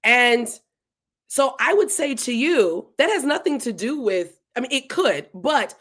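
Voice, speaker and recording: A woman teaching a verse-by-verse Bible study in a casual, animated way, acting out the lines of the people in the passage. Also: on the high side, a little slow. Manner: casual, animated, acts out dialogue between speakers.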